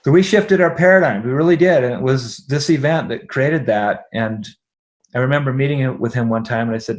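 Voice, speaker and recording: Middle-aged man telling an animated story. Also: medium pitch, a little fast. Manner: animated, laughing, checks in with "right?". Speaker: guest. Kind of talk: personal storytelling in an interview.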